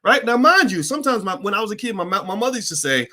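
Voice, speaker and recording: A middle-aged man hosting a Q&A stream, telling a story in a blunt, profane, animated way. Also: sits high, fast. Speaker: host of a Q&A stream. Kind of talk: candid storytelling monologue.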